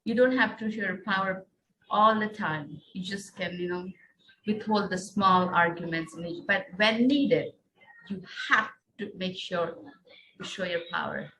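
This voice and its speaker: A middle-aged woman from India, a podcast guest, telling a visualization story in an earnest, soft-spoken way, often saying "you know". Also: fairly low pitch, measured pace, slight background noise, low-quality recording.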